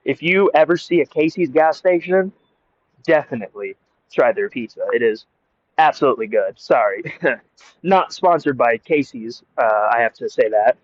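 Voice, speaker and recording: A man's voice: medium pitch, animated, moderate pace, no room sound. A young American man casually telling a rambling story outdoors into earbud mics, laughing often. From United States. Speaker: storyteller vlogger. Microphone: earbuds mic. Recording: dry, muffled lo-fi earbud recording.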